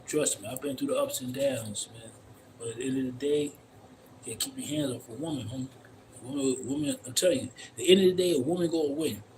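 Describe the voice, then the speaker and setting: A livestreamer with a fast, medium-pitched, slightly mellow voice streams outdoors in the cold, delivering a casual monologue. He tells a long, blunt, profane story in rambling street talk, saying "you know what I mean" constantly. The recording is rough, with slight background noise.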